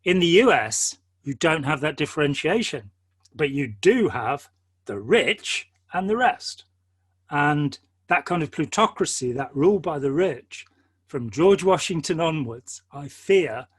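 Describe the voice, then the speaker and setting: A man's voice: fairly high pitch, husky, no echo. An older man with an English accent, talking earnestly and at length in a discursive conversation, with many quotes and asides along the way. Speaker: host.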